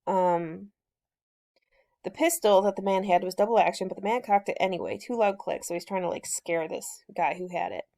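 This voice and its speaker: A woman's voice: medium pitch, moderate pace, vocal fry, dark tone. Woman casually retelling a novel's plot. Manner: conversational, with loose fillers and restarts. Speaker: book discussion host.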